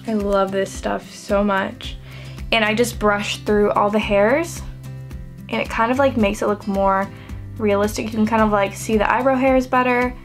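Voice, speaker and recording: Over faint background music, a young woman chats casually through her makeup routine for a tutorial. Her mid-range voice is fairly even in intonation and moderately paced, and she pokes fun at herself while filling her talk with "like."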